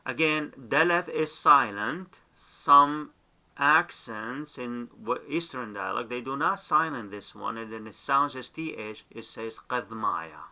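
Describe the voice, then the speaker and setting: A man's voice: medium pitch, a little slow, sharp tone. A man with an Assyrian accent teaching pronunciation. He says each sound and word, then says it again. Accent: Assyrian, Dashtan Ninwe dialect. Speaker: language teacher. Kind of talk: slow spoken lesson with repeated pronunciation drills.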